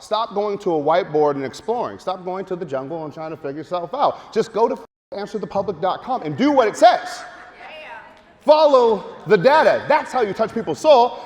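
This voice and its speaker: High-voiced energetic man on a big stage. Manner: animated, joking, urging the crowd. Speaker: speaker at a marketing event. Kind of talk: energetic live seminar talk. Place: large hall with audience. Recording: long hall reverb.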